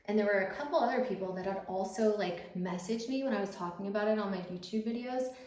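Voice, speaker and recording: A woman's voice: medium pitch, quick pace, darkish tone. A woman in her thirties talking casually while getting ready, with a chatty way of speaking full of fillers. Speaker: YouTuber. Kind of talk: casual get-ready-with-me chat. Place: home. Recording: roomy echo, faint background noise.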